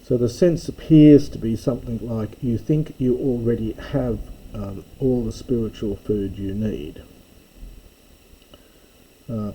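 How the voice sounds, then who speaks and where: A man's voice: fairly low pitch, warm tone, husky, rough recording. A man teaching a verse-by-verse Greek lesson, carefully explaining words and often correcting himself as he goes. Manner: slow, careful, with frequent self-corrections and fillers. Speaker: Greek New Testament teacher.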